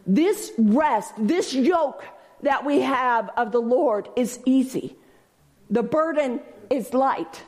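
A woman's voice: sits high, expressive, slow pace, darkish tone. A woman teaching from the Bible, reading verses aloud and repeating key phrases for emphasis, asking listeners to repeat after her. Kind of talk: sermon.

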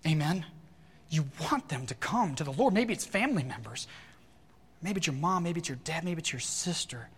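A man preaching a sermon to his congregation, animated and acting out worried inner voices. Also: on the high side, slightly rough, big-room sound. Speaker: pastor.

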